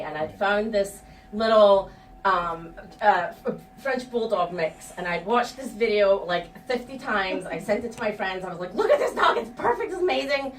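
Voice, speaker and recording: A woman's voice: lowish voice, slight background noise. A middle-aged woman telling a personal story live on stage, frank and profane and laughing at herself. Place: stage before a live audience. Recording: echoey room, distant mic, faint ambience.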